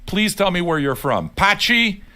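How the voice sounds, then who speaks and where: An older man of Neapolitan heritage hosts a livestream, ranting bluntly and casually, swearing often and arguing as he speaks straight to his viewers. His high voice is sing-song, pushed and bright, at a measured pace.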